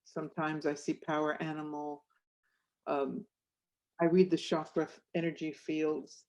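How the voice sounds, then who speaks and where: A woman author and clairvoyant telling stories in an interview, animated and acting out the voices in her anecdotes. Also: deep voice, unhurried, dull audio. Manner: animated, acts out voices in anecdotes, laughs often. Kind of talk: storytelling interview chat.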